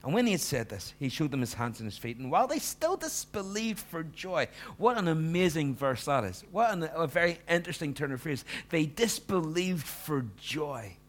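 Animated preacher dropping to whispers. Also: male voice, on the high side, fairly quick, hardly any pauses. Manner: animated, acts out the disciples' voices, swings from hushed to loud. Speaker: pastor. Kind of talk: sermon.

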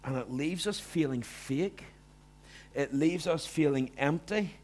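A man's voice: fairly high pitch, expressive, unhurried, darkish tone, a little hiss or hum. A man preaching a sermon in a conversational way, acting out quoted voices with big swings.

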